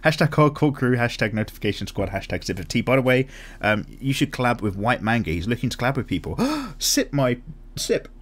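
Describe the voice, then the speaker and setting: A man's voice: mid-range voice, sing-song, fast talker. A man hosts a casual art chat, reading viewer comments aloud in a rambling, self-deprecating way with frequent ums. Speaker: art channel host.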